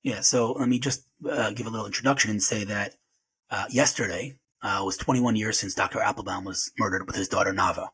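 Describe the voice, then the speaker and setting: A man in his forties, a podcast guest sharing emotional memories in a rapid, halting way full of restarts. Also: fairly low pitch, steady tone, a bit bright, husky, low-quality recording. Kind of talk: emotional personal remembrance.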